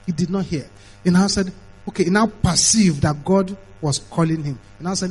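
A man preaches in a high, husky voice, hammering home his points by repeating them. His sermon is animated, and he slips into mimicked voices along the way. He sounds middle-aged. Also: normal speed, soft background music, rough recording. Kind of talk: emphatic sermon.

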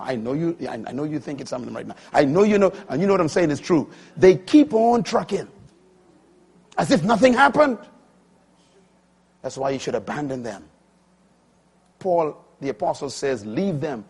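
A man in his sixties preaching a sermon, swinging from quiet, intimate lines to loud, emphatic ones. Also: on the high side, expressive, a little fast, husky. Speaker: pastor.

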